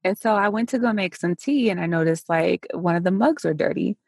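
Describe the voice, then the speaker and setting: A woman with a lowish, gravelly voice hosts a relaxed interview over a call. She talks in an animated way and slips into quoted dialogue often. The sound is dry and close. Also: fairly quick, dry recording. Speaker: podcast host. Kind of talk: casual conversational interview. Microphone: remote call recording.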